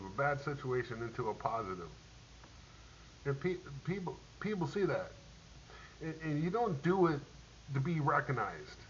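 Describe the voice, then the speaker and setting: A middle-aged man spins a war story in a loose, animated way, laughing often and slipping into the voices of the people he quotes. His voice sits at an ordinary pitch. The recording is dull and lo-fi with a faint hiss underneath. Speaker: military veteran telling war stories. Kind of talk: casual spoken storytelling.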